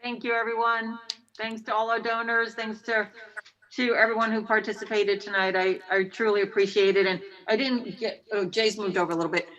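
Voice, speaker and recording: A woman's voice: medium pitch, flat delivery, fairly quick, a bit bright, muffled recording. A woman from the clinic giving plain, grateful closing thanks to donors. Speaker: clinic representative. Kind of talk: closing thank-you remarks.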